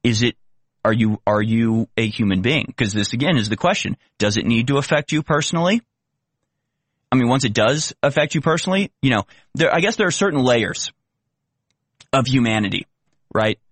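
A man's voice: mid-range voice, lively intonation, moderate pace, fairly bright tone, no room sound. Sarcastic ranting male commentator. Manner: sarcastic, ranting, rhetorical questions. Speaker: commentary show host. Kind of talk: opinion commentary.

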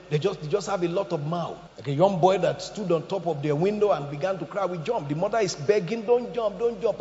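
A man preaching a sermon as pastor, animated, acting out quotes and jokes. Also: high voice. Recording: echoey hall, dull lo-fi sound.

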